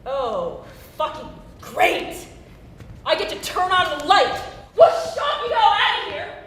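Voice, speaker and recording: A fiery, grieving woman on stage who swears and jabs with sarcasm. Her high voice leaps up and down with feeling. The sound is roomy and distant, taken from far off the stage with a faint hiss. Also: big pitch swings, slow pace, fairly bright tone, exaggerated voice. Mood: defiant. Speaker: stage actor. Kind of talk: live stage drama. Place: theater stage.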